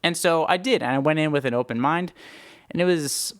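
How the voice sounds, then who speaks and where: A man's voice: fairly high pitch, a little fast, clean tone. A young man co-hosting a movie talk stream, chatty and opinionated, laughing often as he talks. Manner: chatty, opinionated, laughs often, self-described film snob. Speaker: podcast co-host. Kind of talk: casual movie chat.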